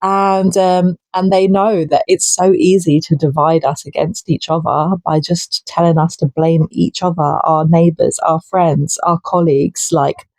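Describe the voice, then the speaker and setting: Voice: medium pitch, flat delivery, a little slow, few pauses, a little mellow, no echo. A person giving an impassioned solo monologue, angry and sweary, with mocking asides. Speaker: channel host.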